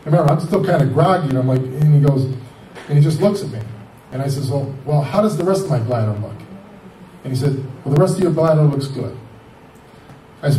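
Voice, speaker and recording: A man's voice: on the high side, fairly quick, a little hiss or hum. A man in his fifties telling his own cancer story in a rambling way, acting out the conversations he had. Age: 50s. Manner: rambling, animated retelling with quoted dialogue. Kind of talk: personal storytelling. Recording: echoey room, voice from far off.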